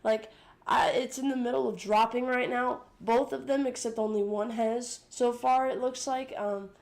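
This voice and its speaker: An eighteen-year-old American woman hosts a cooking livestream from her home kitchen on a desk condenser mic. Her voice is high and gravelly, and a cold makes it crack as she chats casually, joking and swearing playfully.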